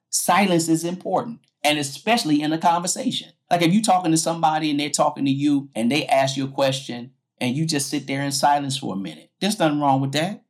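Emphatic man preaching on a podcast. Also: medium pitch. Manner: emphatic, slows and repeats key points. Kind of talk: sermon-like podcast talk.

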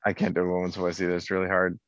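A man's voice: low-pitched, completely flat delivery, very fast, fairly bright tone, no room sound, highs cut off. A man co-hosting a casual podcast, mostly giving short replies and playful asides. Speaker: podcast co-host. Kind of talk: casual chat.

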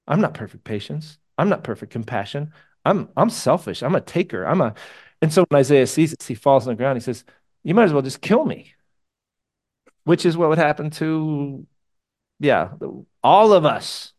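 A man's voice: medium pitch, a little mellow. A man preaching a sermon to a live congregation in a conversational, emotional way, asking his listeners questions. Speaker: pastor.

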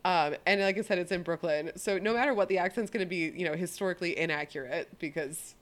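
A woman hosting a podcast in casual chat, animated and swearing casually. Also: lowish voice, quick pace. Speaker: podcast host.

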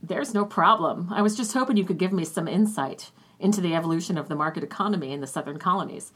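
A woman voicing a pompous young male grad student, reciting in a fast, show-off way. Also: on the low side, fairly bright tone, husky. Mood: smug.

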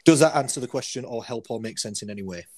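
A man's voice: medium pitch, quick pace, a little mellow. A man co-hosting a podcast, giving diet advice in an easygoing casual chat. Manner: easygoing, laughs often.

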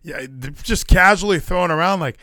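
A man's voice: high-pitched, a little fast, sharp tone, no echo, clean studio sound. A young adult man hosting a podcast, chatting casually with rambling jokes and ranting bursts. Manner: rambling, joking asides and running gags. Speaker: podcast host. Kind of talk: casual chat.

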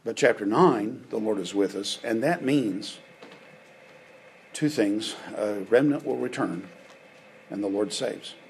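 A man's voice: on the low side, takes it slowly, pauses often, slight background noise, rough recording. A man preaching a conversational sermon, often checking in with his listeners. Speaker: pastor.

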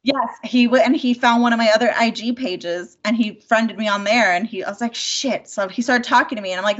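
A woman in her thirties in casual chat, telling a dating story in a rambling, animated way, full of "like" and swearing. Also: mid-range voice, fairly quick, few pauses. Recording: dull lo-fi sound.

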